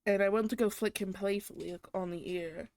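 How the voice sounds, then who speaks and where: This young solo podcast host exaggerates wildly as she curses her way through complaints about daily life and her boyfriend. Medium in pitch and darkish in tone, her voice runs fairly quick with fairly even intonation, and there's no echo.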